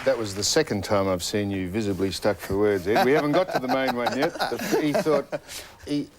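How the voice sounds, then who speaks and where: A man's voice: mid-range voice, brisk, over a noisy crowd. A man co-hosting a football panel show, making dry, teasing remarks. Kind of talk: live panel show chat.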